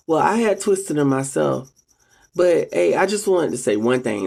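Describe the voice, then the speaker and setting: A casual monologue from a vlogger speaking straight to viewers. The delivery is preachy and sermon-like, with repeated calls to ladies and gentlemen. Quoted voices are acted out higher and louder. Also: very animated, normal speed, vocal fry. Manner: acts out quoted people in a raised voice.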